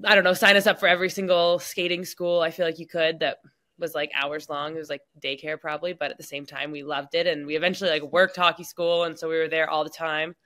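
A woman guest on a casual podcast, talking in a relaxed, chatty way with lots of "like" fillers. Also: sits low, fast talker. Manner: relaxed, chatty, many "like" fillers, laughs easily. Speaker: guest, professional hockey player. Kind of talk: casual interview chat.

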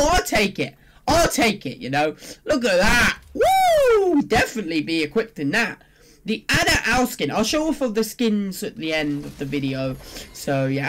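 A gaming video creator reacting while opening loot boxes. They swing between glum muttering, pleading with the game, and excited shouting. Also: mid-range voice, moderate pace, heavy background noise.

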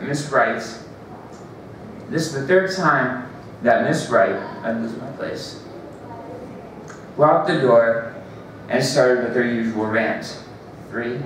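A man's voice: mid-range voice, slight background noise. Man reading his story in an echoey hall. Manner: halting, restarts and corrects himself. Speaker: open mic reader. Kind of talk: reading own story aloud. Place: library event room. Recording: very echoey room, distant mic.

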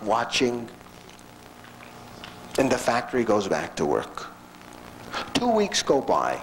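Male lecturer, mid pitch, conversational storyteller who acts out characters. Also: slight background noise, poor audio. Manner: animated, conversational, acts out quotes.

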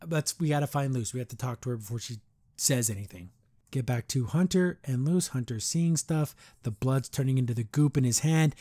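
A man hosting a podcast, casually rambling through an animated episode recap and paraphrasing the characters as he goes. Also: medium pitch. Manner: rambling, animated retelling with quick paraphrased quotes. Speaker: podcast host.

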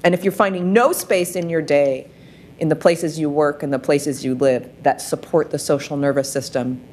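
A woman's voice: low-pitched, steady tone, moderate pace, a little mellow, slight background noise. A woman presenting a wellness workshop, coaching listeners through practices with frequent rhetorical questions. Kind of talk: guided practice talk.

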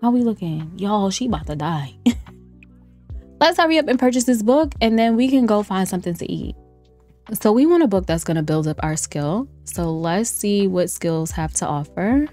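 With faint lo-fi music playing, a gameplay streamer talks in a warm, animated mid-range voice at a moderate pace. She keeps her let's-play casual and playful, laughing often, teasing characters, and speaking straight to her audience.

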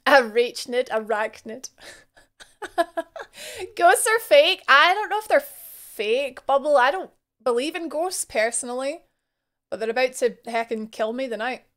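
A woman's voice: high voice, animated, measured pace, fairly bright tone. A young woman streamer chatting casually and giggling as she greets her viewers by name. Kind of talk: casual live-stream chat.

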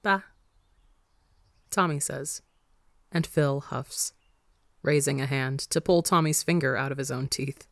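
A podcast reader narrating a story in a steady, even manner. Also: medium pitch, measured pace, dry recording, clean studio sound. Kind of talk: audiobook narration of fan fiction.

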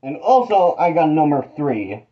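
Male reviewer, slow mumbled complaints, muffled lo-fi video audio. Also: a little high, very animated. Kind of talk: casual video review clip. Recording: dull lo-fi played video.

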